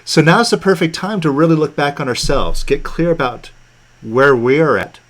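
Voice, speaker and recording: A man hosting a live online teaching session, talking in a relaxed, conversational way with fillers and restarts. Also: a little high, moderate pace. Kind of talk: casual teaching talk on a video call. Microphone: video call.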